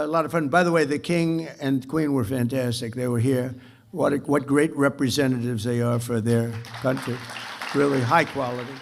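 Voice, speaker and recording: At a club dinner event, a man with a gravelly, fairly high voice gives an off-the-cuff political speech. He rambles, repeats himself, and boasts.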